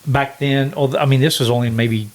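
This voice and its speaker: A man's voice: medium pitch, steady tone, normal speed. A man co-hosting a casual podcast, chatty and laughing at himself as he tells travel stories. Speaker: podcast co-host. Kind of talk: casual chat.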